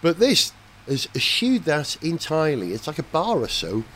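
A man's voice: on the high side, wildly swooping pitch, moderate pace, fairly bright tone, breathy edge. Playful man hosting a chat. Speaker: host. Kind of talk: casual podcast discussion.

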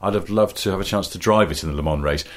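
A middle-aged British man with a British accent, co-hosting a casual chat and telling wry, drawn-out anecdotes with playful mimicry. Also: low-pitched. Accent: British English. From Britain. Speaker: podcast co-host.

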